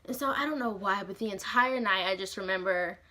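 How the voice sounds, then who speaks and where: In a mid-range voice that runs a little fast, a young female vlogger recounts a story. She sounds animated and talks in slangy, cursing, casual speech, leaning heavily on "like".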